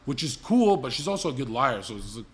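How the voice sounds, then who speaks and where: A man's voice: mid-range voice, big pitch swings, fast. A young man hosting a livestream, telling crude comedic stories in a blunt, rambling, profane way. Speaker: livestream host.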